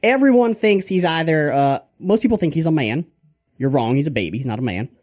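A man's voice: fairly high pitch, animated, brisk, darkish tone. A man voicing a rambling, mock-preachy Georgian preacher named Father Grandfather, sermonizing absurdly. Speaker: character from podcast RPG.

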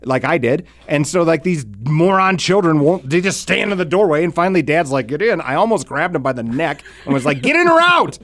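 A man's voice: a little high, brisk, hardly any pauses, dry recording. A man hosting a podcast, telling a long story in casual chat, swearing often and acting out other people's lines. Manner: profane, animated storytelling with exaggerated quoted voices. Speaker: podcast host.

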